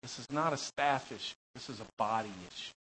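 A male pastor preaching a sermon, telling animated stories with rambling asides. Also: mid-range voice, brisk, a little hiss or hum, poor audio.

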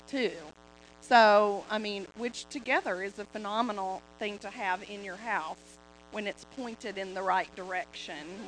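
Bright, chatty woman sharing in church. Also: medium pitch, slight background noise, low-quality recording. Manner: chatty, laughing, many fillers. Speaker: co-pastor, preacher's wife. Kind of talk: casual sermon talk.

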